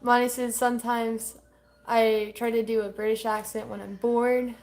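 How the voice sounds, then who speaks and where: A woman co-hosting a casual livestream, reading chat comments aloud quickly and laughing often. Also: on the high side, level tone, darkish tone.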